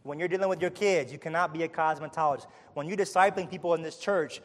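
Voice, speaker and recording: Impassioned preacher with a soaring voice. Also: male voice, quick pace, big-room sound. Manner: builds to loud emphatic peaks, repetitive rhetorical cadence, then drops low and quiet. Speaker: pastor. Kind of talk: sermon.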